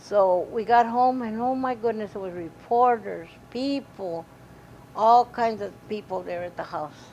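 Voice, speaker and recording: A woman's voice: medium pitch, a little slow. A woman animatedly recounting a family tragedy in a documentary interview, acting out the dialogue as she goes. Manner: animated storytelling, quoting dialogue. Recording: dull lo-fi recording with faint hiss.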